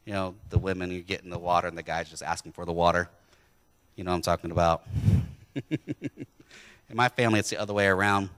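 A man's voice: low-pitched, fairly even intonation, fairly quick, pauses often, fairly bright tone, clean tone. A man from Wisconsin preaching a sermon in a church, talking to the congregation conversationally and with jokes. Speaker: pastor.

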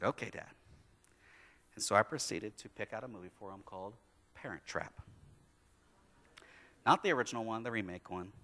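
A pastor preaching a sermon, telling a story about his kids and acting out their lines in lively storytelling. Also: mid-range voice. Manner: animated storytelling, acting out his kids' voices. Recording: long hall reverb.

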